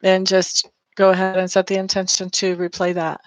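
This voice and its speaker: A woman's voice: medium pitch, completely flat delivery, normal speed, no room sound. A woman giving a live-streamed tarot reading, chatty and affectionate, calling listeners honey and reading out viewer comments. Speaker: tarot reader.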